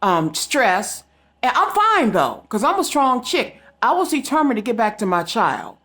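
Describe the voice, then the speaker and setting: Emphatic woman vlogger, higher voice. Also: sing-song, unhurried, a bit bright. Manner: emphatic, talks straight to viewers. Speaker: psychic vlogger. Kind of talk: casual storytelling to viewers.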